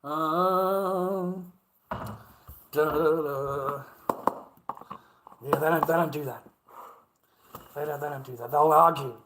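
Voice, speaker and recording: A man with an Australian accent rambles through a coarse livestream rant, cursing in nearly every sentence. His voice sits noticeably high for a man, and the room around him rings with echo. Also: steady tone, takes it slowly, pauses often, noisy background. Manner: crude, swears constantly, rambling.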